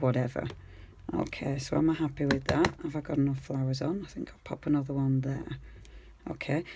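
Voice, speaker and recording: Gravelly-toned woman demonstrating crafts. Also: low-pitched, a little mellow, a little hiss or hum. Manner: chatty, enthusiastic, talks while working. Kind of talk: casual craft tutorial.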